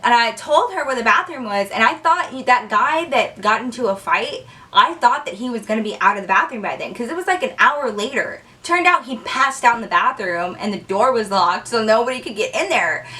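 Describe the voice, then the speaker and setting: A young woman casually telling a wild story on her vlog, animated and profane. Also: a little fast, few pauses, far from the mic. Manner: animated, profane, acts out quotes with big pitch jumps. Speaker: storytime vlogger.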